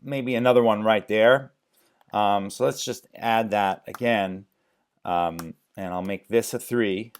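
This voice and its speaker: A man's voice: fairly low pitch, takes it slowly. A man teaching music theory in a screen-share lecture, thinking aloud with many ums and restarts.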